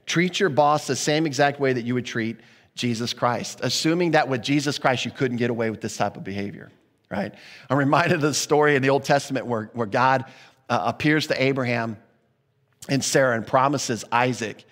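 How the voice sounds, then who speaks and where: Speaking at a normal pace in a large hall, this man has a medium-pitched, fairly bright voice. He's a pastor preaching sincerely and conversationally, often starting his thoughts over mid-sentence.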